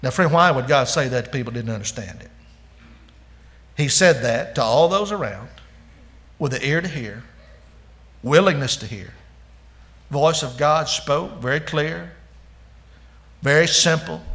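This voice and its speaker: A male pastor preaching a sermon in an earnest, emphatic way, calling the listeners "friend" and swinging from soft, low passages to loud declarations. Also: gravelly.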